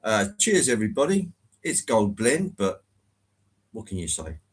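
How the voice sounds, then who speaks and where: A man's voice: fairly low pitch, sing-song, unhurried, husky. A man hosting a live stream in a genial, rambling way, greeting viewers one by one. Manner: genial, rambling, chatty with fillers.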